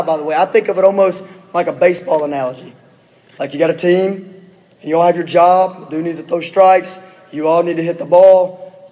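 High-voiced man preaching in a reverberant hall. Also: darkish tone. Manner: conversational preaching with rhetorical questions and asides. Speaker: pastor. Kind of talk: sermon.

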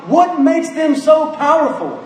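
High-voiced man preaching in an echoey hall. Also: very animated, a little hiss or hum. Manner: emphatic, rhetorical questions, reads verses slowly. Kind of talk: sermon reading scripture aloud. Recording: echoey hall, voice heard from a distance.

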